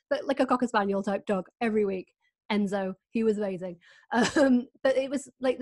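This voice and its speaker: A woman's voice: fairly high pitch, no room sound. A woman, hosting a casual video-call chat, candid and laughing often as she tells stories. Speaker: host.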